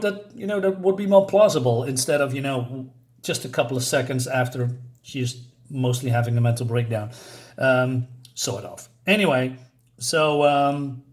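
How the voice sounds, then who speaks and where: A man reviewing a comic book in a casual, rambling way, with many fillers and restarts. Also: medium pitch.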